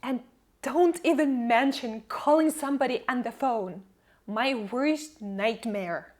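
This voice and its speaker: A young woman, not a native English speaker, telling her language-learning story in an earnest, measured vlog narration. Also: on the high side, darkish tone. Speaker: English-learning channel host. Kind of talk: scripted personal vlog narration.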